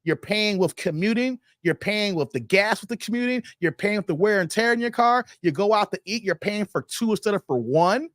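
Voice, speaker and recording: Brisk and barely pausing, a fairly high-pitched Chicago man hosts a casual livestream, talking animatedly right to his viewers. He chuckles a lot and reads out the chat, recorded close and dry with no room echo.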